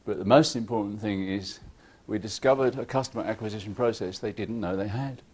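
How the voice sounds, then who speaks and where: A man giving a lively, irreverent conference talk, joking with the audience and acting out what clients say. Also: fairly low pitch, fairly quick, husky. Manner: acts out clients' lines in quoted voices. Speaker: conference speaker. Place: conference hall.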